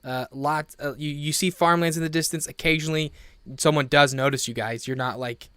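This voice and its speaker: A man narrating a tabletop game as game master, in a loose, giggly way with many pauses and restarts. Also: on the high side, fairly even intonation, fairly bright tone, smooth, no room sound, studio quality.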